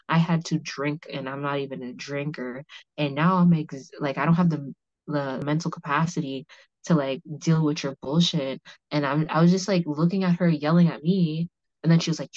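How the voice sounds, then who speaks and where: Low-voiced woman, rambling and frank. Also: steady tone, normal speed, darkish tone, no room sound. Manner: rambling, many "like" fillers, frank and profane. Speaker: podcast host. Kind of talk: candid conversational discussion. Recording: slightly muffled audio.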